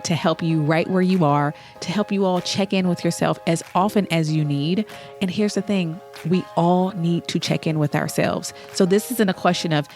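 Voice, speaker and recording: A woman's voice: sits low, darkish tone. A woman hosting a solo podcast, talking in an earnest, reflective, conversational way, a little congested. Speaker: podcast host.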